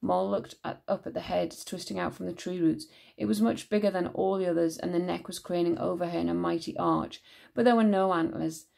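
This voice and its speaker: A woman teacher reading a children's novel aloud in a measured, expressive way. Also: fairly low pitch, creaky.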